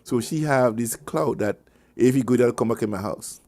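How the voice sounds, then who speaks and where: Male radio host, mid-pitched, rambling anecdotal advice, chuckles often, repeats himself. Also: normal speed, darkish tone. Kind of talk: casual advice talk. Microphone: online meeting call.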